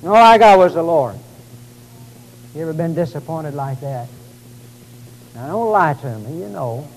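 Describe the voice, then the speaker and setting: A man preaching a sermon in a folksy, dramatic way, calling his listeners folks and swinging from exclamations to quiet lines. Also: lively intonation, moderate pace, slight background noise, low-quality recording. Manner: dramatic preaching, rising to exclamations and dropping low. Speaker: pastor.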